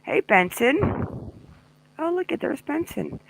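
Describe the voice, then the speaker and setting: A woman's voice: high-pitched, very animated, measured pace, vocal fry, poor audio. A woman hosting a casual live true-crime discussion, chatting and greeting viewers by name. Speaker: livestream host.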